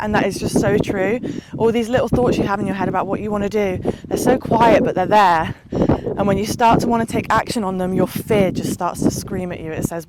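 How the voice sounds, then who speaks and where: A woman vlogger giving an earnest, passionate motivational talk to camera, with long run-on, repetitive sentences. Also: mid-range voice. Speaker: lifestyle vlogger. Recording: loud background noise.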